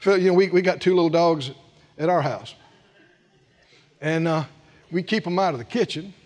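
A man preaching a sermon, calling on the congregation to answer back and swinging between loud bursts and quiet low lines. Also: normal speed, in a large hall.

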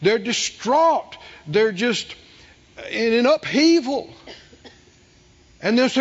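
A male pastor preaches slowly and emphatically, his high voice rising and falling widely as he poses rhetorical questions to the congregation. The recording sounds muffled, with a long reverb from the church hall. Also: sing-song. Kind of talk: sermon.

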